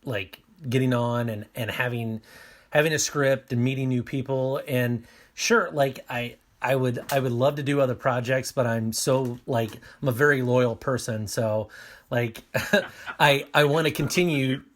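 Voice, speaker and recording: Man, thirties, casual chat, upbeat, halting, middle pitch. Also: fairly even intonation. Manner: hesitant with many fillers and restarts, upbeat. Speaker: podcast cast member.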